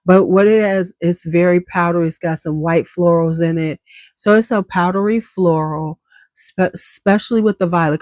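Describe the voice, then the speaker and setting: A woman's voice: on the low side, darkish tone, no echo, studio quality. A woman giving a casual, enthusiastic perfume review, chatty and full of slang, coughing now and then. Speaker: beauty vlogger.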